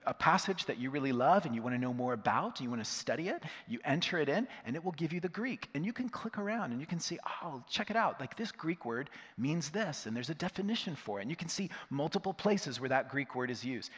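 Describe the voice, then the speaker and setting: Animated man preaching in a reverberant hall. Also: a little high. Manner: animated, conversational teaching with rhetorical questions. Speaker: pastor. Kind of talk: sermon.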